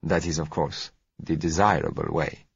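A man voicing a polite South American oil dealer in an audiobook, with a gentle, unhurried, courteous manner. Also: a bass voice, sing-song, vocal fry, slightly rough, dry recording, dull audio, exaggerated voice. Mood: smooth, courteous.

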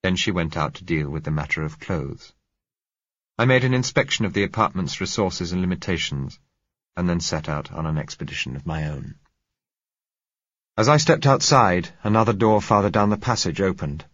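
A man reading a novel aloud as scripted audiobook narration, measured and composed. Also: low voice, lively intonation, fairly bright tone, husky, no echo. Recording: slightly dull recording.

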